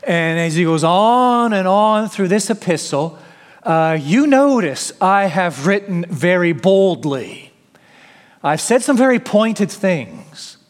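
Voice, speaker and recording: A man's voice: high-pitched, in a large hall. A man preaching an expository sermon, emphatic, sometimes paraphrasing the apostle in the first person.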